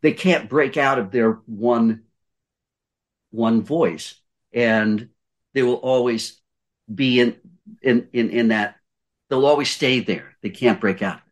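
An older man, a guest voice-over coach, offers advice in a podcast conversation. His mid-range voice moves slowly with long pauses, and he stays emphatic, repeating his points and posing rhetorical questions.

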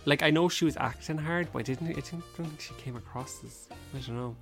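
A man's voice: a little high, a little fast, a bit bright, soft background music. A man co-hosting a podcast, answering questions casually and hesitantly, with many fillers. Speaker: podcast co-host. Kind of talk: casual chat.

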